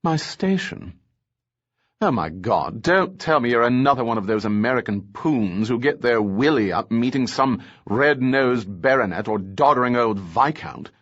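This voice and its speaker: A man's voice: mid-range voice, animated, normal speed, highs cut off, close to an everyday voice. A man voicing a defiant, sarcastic young woman. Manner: biting, sarcastic. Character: sharp-tongued, defiant young woman captive.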